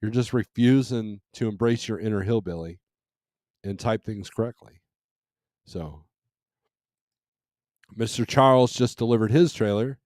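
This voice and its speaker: In a dry, clean studio recording, a middle-aged trucking streamer takes his time, leaving long pauses as he reads chat and responds. He has a lowish, darkish voice and rambles casually, with plenty of restarts and fillers.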